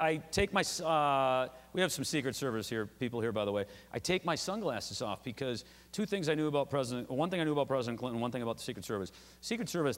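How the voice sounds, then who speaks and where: A man giving a lecture, an animated, loud storyteller joking with the audience through a stage microphone. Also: mid-range voice, big-room sound. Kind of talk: anecdotal public talk. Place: large lecture hall.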